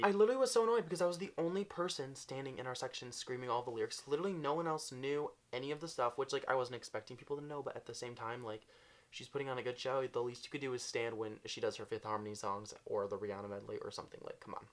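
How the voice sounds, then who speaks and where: A man's voice: mid-range voice, fast talker. A young man telling a storytime vlog, bubbly and gushing, with "like" in nearly every line. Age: young adult. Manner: bubbly, gushing, says "like" constantly. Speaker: vlogger.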